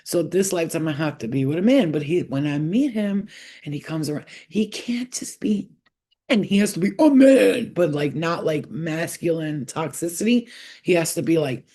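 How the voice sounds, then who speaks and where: A woman giving a casual tarot reading to her viewers, blunt and profane, telling animated stories. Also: sits low, normal speed. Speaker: tarot reader. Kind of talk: casual spiritual talk to viewers.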